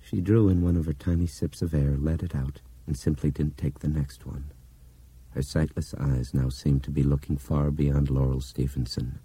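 A man reading a novel aloud in steady, measured narration that drops to a hush at times. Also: extremely low pitch, slightly rough, dry recording. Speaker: audiobook narrator. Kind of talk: scripted narration.

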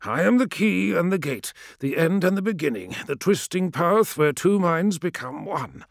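A man's voice: high voice, animated, moderate pace, vocal fry, no echo, clean studio sound, pitched above the performer's own voice. A man voicing a male swordsman adept who speaks precisely and intones like a ritual chant, in an audiobook. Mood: intoning.

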